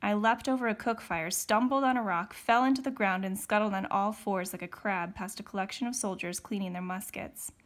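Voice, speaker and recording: A woman's voice: medium pitch, a little fast, hardly any pauses. Woman teacher reading a novel aloud. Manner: steady read-aloud, occasional slips and self-corrections.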